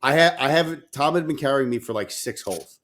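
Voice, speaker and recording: A podcast co-host with a mid-range voice speaks at a quick pace on a casual show. He tells an animated story packed with swearing and acts out the dialogue.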